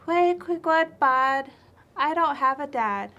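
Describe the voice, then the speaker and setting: Woman doing a squeaky startled little chipmunk. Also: animated, sharp tone, muffled recording, full character voice. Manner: startled, quick squeaky replies. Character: small timid young female chipmunk. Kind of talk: storytelling.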